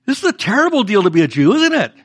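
A man's voice: sits high, very animated, racing, husky. A middle-aged male pastor preaching a conversational sermon and putting questions to the congregation.

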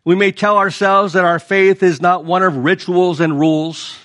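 A man's voice: high-pitched, a bit bright. A middle-aged male pastor preaching a conversational sermon and putting questions to the congregation.

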